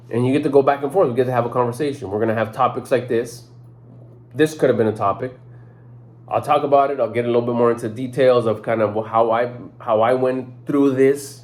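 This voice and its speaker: Laid-back man pitching his community. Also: a little mellow. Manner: casual, loose, with frequent restarts and repeated words; street-casual slang. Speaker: personal development YouTuber. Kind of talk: casual direct-to-camera sales pitch.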